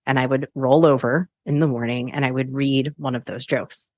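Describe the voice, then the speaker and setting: A woman's voice: rumbling low, steady tone, normal speed, a little mellow, no echo. A woman hosting a solo coaching podcast, chatty and upbeat, laughing often as she talks.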